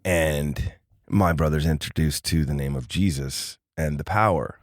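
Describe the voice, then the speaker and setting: Man, low deep voice, animated podcast storyteller who acts out his characters, dry close recording. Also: unhurried, no room sound. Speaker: podcast guest. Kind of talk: casual storytelling.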